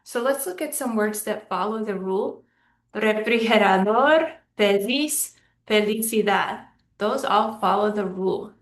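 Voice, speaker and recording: A woman's voice: fairly high pitch, reverberant, far from the mic. A woman teacher from Texas giving a recorded lesson, patiently explaining step by step with examples. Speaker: Spanish teacher.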